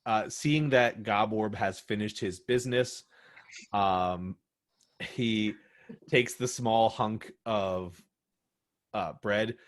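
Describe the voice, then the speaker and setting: A man's voice: fairly low pitch, takes it slowly, long pauses. A man acting as game master, narrating a tabletop game in a loose, rambling way with many fillers.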